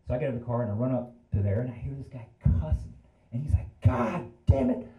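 A man's voice: medium pitch, echoey room, muffled recording. A man in his fifties telling a story on a live stage in a casual, rambling, self-deprecating way. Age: 50s.

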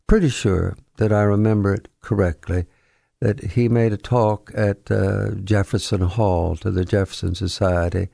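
An older man, a retired history professor telling anecdotes as a radio guest, halting with fillers. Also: on the low side, gravelly, mellow, dry recording, clean studio sound. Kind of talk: radio interview storytelling. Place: radio studio.

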